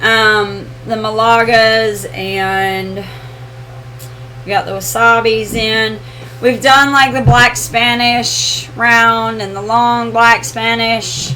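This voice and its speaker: A woman co-hosting a casual live question-and-answer chat, easygoing and quick to laugh. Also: a little high, fairly even intonation, pushed and bright, slight background noise. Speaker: co-host of homestead channel.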